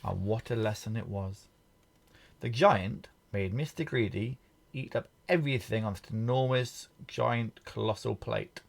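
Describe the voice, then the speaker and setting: A man reads a children's picture book aloud in a gentle, patient way. He stops now and then to point out the pictures to the listener. His voice is low with a gravelly fry. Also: measured pace. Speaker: storybook reader.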